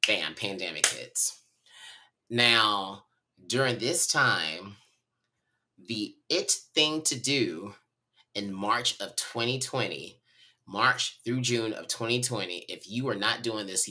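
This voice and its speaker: A man from North Carolina, a podcast guest telling a personal story in a candid, animated way. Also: on the low side, slow. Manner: animated, candid, talks to listeners as y'all.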